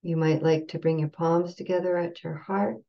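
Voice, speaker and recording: A woman teaching meditation, speaking slowly and calmly as she leads a recitation. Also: lowish voice, creaky, highs cut off. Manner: slow, calm, leading a recitation. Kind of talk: guided meditation chanting.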